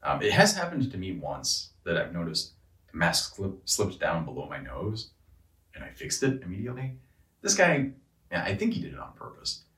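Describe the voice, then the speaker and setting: A man's voice: mid-range voice, fairly bright tone, roomy sound, recorded from a distance, low-quality recording. A man ranting casually and profanely, exasperated and rambling, often restarting his sentences. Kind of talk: casual rant.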